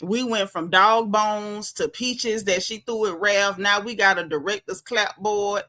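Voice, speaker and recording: Bright-voiced sassy Southern woman. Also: mid-range voice, fairly even intonation, a little slow. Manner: chatty, sassy, greets viewers by name. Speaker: livestream host. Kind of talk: casual livestream chat.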